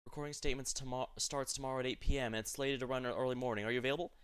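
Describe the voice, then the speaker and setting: A brisk, polite agency manager delivering schedule news, as a man reads the lines close to his own voice. The voice is bright and smooth throughout. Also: medium pitch, steady tone, lightly acted. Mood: businesslike. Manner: businesslike, brisk.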